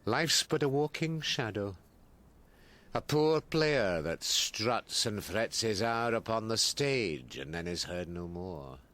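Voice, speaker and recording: A man reciting as Macbeth, a grieving, weary warrior king, in classical stage style, dropping from hushed whispers to loud declaiming. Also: fairly low pitch, lively intonation, slow pace. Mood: despairing. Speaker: actor reciting Shakespeare.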